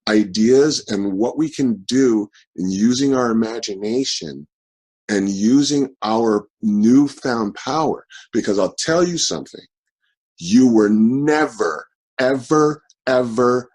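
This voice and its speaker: A man hosting an online forum over a video call, talking in a halting way full of fillers and restarts. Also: lowish voice, slightly rough.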